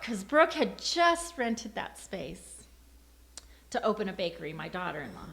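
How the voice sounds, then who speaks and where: Middle-aged woman, gravelly voice, animated testimony storyteller who plays out the dialogue. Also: medium pitch, measured pace, slight background noise. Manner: lively storyteller, acts out quoted dialogue, laughs often. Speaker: church member giving a testimony.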